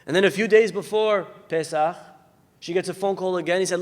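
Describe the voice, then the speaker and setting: A rabbi gives a sermon, his voice a little higher than most men's. He tells stories and acts out the people in them, shifting his voice as he goes. A long reverb from the hall trails behind each phrase. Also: brisk. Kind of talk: sermon storytelling.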